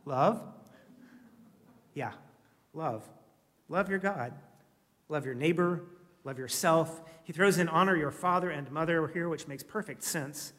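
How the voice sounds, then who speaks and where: A man's voice: on the high side, measured pace, pauses often, a bit bright. A man preaching a sermon in a conversational, reflective way, now and then asking his listeners a question. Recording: reverberant hall.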